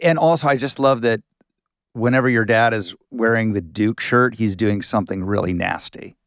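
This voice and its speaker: A man's voice: on the low side, moderate pace, fairly bright tone, dry recording, clean studio sound. Effusive male podcast host. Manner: enthusiastic, effusive praise. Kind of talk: casual interview chat.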